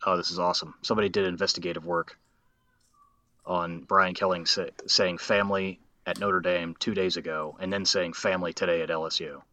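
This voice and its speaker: A man's voice: deep voice, flat delivery, a little fast, bright, forceful tone, dry recording. A man co-hosting a casual sports podcast, joking and sarcastic. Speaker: podcast co-host.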